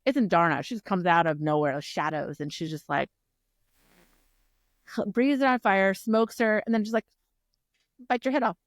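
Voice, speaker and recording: A woman co-hosting a podcast, casually recapping a novel with animated retelling and frequent laughter. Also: on the low side, normal speed, long pauses, no room sound, clean studio sound. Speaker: podcast co-host. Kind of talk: casual book chat.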